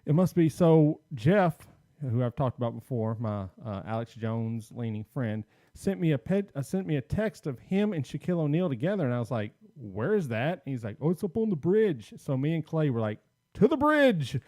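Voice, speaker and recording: A man with a dark, mellow voice tells a story on a podcast in a casual way. He acts out each line people said to him. His voice is recorded dry and close. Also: medium pitch, normal speed, no echo. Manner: animated storyteller acting out quotes. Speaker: podcast host.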